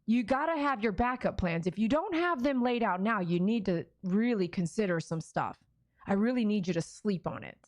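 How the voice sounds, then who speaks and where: A woman's voice: medium pitch, lively intonation, moderate pace, darkish tone, no room sound. A woman talking frankly on a live stream, reading viewers' comments aloud and answering them in a blunt, earnest and emotional way. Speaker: dog trainer streamer.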